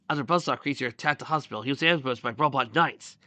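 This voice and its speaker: Casual fic narrator, animated with cheeky audience asides, bright and dry. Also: medium pitch, quick pace, hardly any pauses, no echo. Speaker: fan fiction reader. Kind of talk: casual reading aloud with asides.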